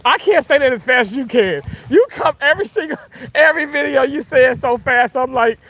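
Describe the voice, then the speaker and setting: Very high-pitched and expressive, his voice has a fairly bright tone and moves a little fast. The speaker is a thirty-something man from Mississippi, USA, with a Southern accent, hosting a livestream where he reads comments aloud, chats loosely, and laughs frequently.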